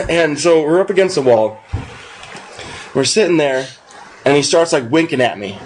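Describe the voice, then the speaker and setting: A man's voice: fairly high pitch, moderate pace, slight background noise. A young man, a podcast co-host, telling a long drunken-night story in casual, profane speech and acting out the quotes. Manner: profane, animated anecdote with acted-out quotes.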